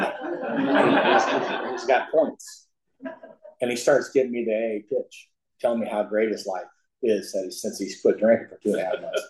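A middle-aged man from the Ozark Mountains telling his recovery story to a group, joking and laughing at his own lines. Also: lowish voice. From Ozark Mountains, USA. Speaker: speaker at a recovery meeting. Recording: echoey meeting room.

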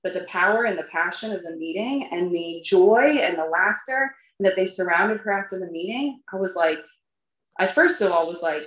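A woman's voice: fairly low pitch, animated, normal speed, fairly bright tone. Candid woman sharing her recovery story. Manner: candid, chatty, lots of fillers; laughs at herself. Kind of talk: personal recovery testimony to a group. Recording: roomy echo.

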